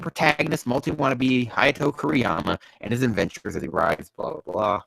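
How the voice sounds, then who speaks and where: A man's voice: medium pitch, lively intonation, a little fast, creaky, hardly any pauses, dry recording. A man reading bad fanfiction aloud and tearing into it with profane, exasperated commentary, his nose stuffy from allergies. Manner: sarcastic, profane, exasperated, erupting into yells. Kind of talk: ranting comedic commentary.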